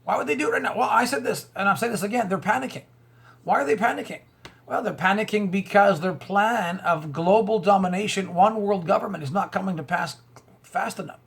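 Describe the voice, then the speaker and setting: Gravelly high-voiced man, rambling commentary. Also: a little fast, a bit bright. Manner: rambling, stumbles and repeats words, rhetorical questions, chuckles. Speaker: online video host. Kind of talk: conspiracy and religious commentary monologue.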